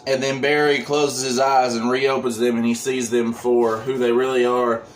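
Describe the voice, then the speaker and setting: A man's voice: mid-range voice, little pitch movement, normal speed, slight background noise, poor audio. A man casually recapping a comic book plot, full of ums and restarts. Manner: rambling, many ums and restarts.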